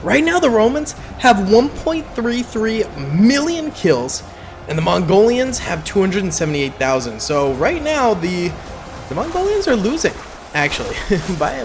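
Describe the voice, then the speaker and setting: A man giving casual, upbeat gameplay commentary on a battle simulation, chatty and excitable, with playful slang. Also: sits high, a little slow, soft background music.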